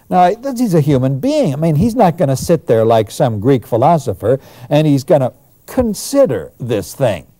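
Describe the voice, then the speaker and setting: Guy lecturing on the bible, super expressive pitch, warm mellow voice, emphatic. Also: no room sound. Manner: animated, emphatic storytelling. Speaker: lecturer on the New Testament.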